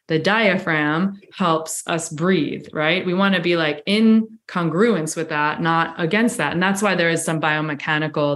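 A woman's voice: low voice, a bit bright. Candid woman telling a personal story. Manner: reflective, candid, frequent "like" and "right?". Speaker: podcast guest. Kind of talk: conversational storytelling.

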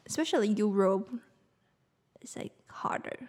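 A woman's voice: mid-range voice, lively intonation, unhurried, a little mellow, in a whisper. Chatty woman, cursing freely. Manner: chatty, swears casually, laughs often. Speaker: podcast co-host. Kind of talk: casual chat in a second language.

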